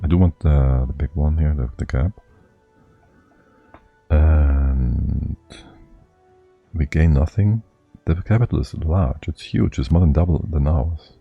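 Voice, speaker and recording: A man's voice: a bass voice, takes it slowly, creaky, pauses often, slightly rough, narrow, tinny audio, soft background music. A man streaming a strategy game live, thinking aloud and muttering to himself as he plays.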